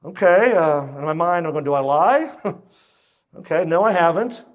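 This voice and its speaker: A man with a fairly high voice preaches to his church. He talks in an emphatic, conversational way and keeps turning to the listeners with rhetorical questions. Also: moderate pace. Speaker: pastor. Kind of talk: sermon.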